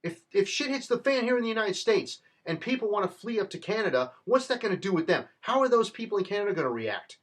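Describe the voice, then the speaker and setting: A man's voice: high-pitched, very animated, fast, hardly any pauses. A man delivering an impassioned, rallying political monologue in a fervent, rhetorical manner. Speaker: political commentator.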